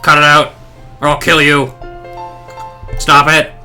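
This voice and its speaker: A man's voice: on the high side, monotone, takes it slowly, sharp tone, soft background music. Man swearing through a comic game reading. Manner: crude, swearing outbursts. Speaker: streamer reading a game aloud.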